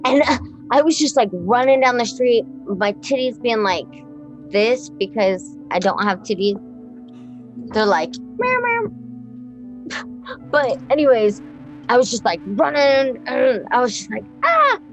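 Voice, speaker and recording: Slow rambling woman in her thirties. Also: a little high, dull audio, faint music behind. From Texas. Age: 30s. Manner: rambling, excitable, swears freely, laughs often. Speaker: interview guest, musician. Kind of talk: casual chat.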